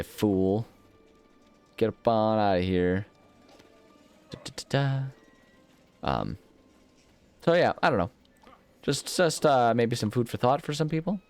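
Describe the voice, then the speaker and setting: A man's voice: mid-range voice, darkish tone. Rambling, self-mocking male gaming host. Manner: rambling, self-mocking, sings nonsense syllables. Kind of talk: casual gameplay commentary.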